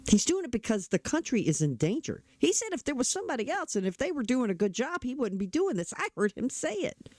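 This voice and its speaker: A man's voice: extremely high pitch, sing-song, quick pace, a little mellow, no echo. A middle-aged man talking politics in a casual, blunt, opinionated way, often restarting his sentences. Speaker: political commentator.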